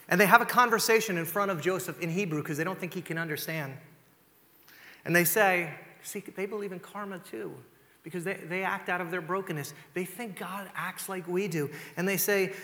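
A man's voice: high voice, fairly quick, bright, forceful tone. A male pastor preaching a storytelling sermon, retelling scripture in casual, conversational words. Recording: long hall reverb.

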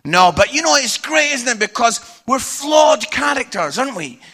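A preacher in his forties speaks from a church stage with a high, bright, forceful voice. He tells stories candidly and with humour, animated throughout. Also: moderate pace, breathy edge. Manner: candid, humorous, animated storytelling. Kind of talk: sermon with personal storytelling.

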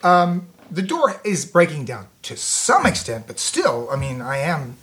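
A man's voice: fairly high pitch, wildly swooping pitch, unhurried, a bit bright. A middle-aged man from Florida with a Southern US accent, a podcast guest who talks emphatically, repeating and restarting phrases. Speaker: guest, actor and martial artist. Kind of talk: casual podcast chat.

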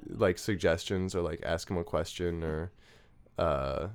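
A man's voice: deep voice, a little slow, clean tone. A young man in his twenties, a musician guest in a podcast interview, who rambles with lots of "like" and false starts. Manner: rambling, full of "like" and restarts.

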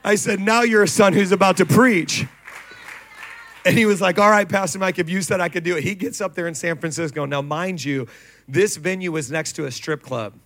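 A man's voice: sits high, brisk, a bit bright. A man preaching to a congregation, telling stories with laughter and acted quotes. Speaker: pastor. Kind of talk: sermon. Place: church stage before a congregation.

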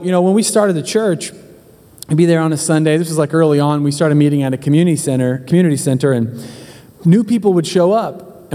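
In a church hall with a big-room sound, a male pastor with a fairly high but dark-toned voice preaches, telling a humorous story in a chatty, joking way and speaking directly to his congregation.

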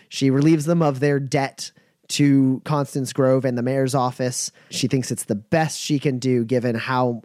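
A man's voice: mid-range voice, no echo. Easygoing male game master, dry close mic. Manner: relaxed, laughing narration with many fillers. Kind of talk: narrating a tabletop game.

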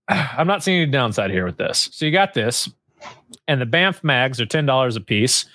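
Animated, profane man on a casual chat show. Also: medium pitch, moderate pace, no echo, clean studio sound. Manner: profane, exclaiming, laughing often. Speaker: co-host.

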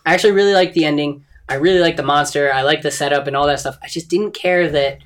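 A man's voice: a little high, fast. A man co-hosting a casual podcast, talking about a film in a loose, profane way, often laughing. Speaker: podcast co-host. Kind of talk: casual movie discussion.

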